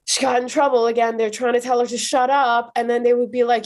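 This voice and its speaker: A woman from Iran, a podcast guest, telling personal stories in an animated way with many "like" fillers. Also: on the high side, fast, hardly any pauses. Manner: animated, frequent "like" fillers, acts out quoted people. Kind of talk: personal storytelling in conversation.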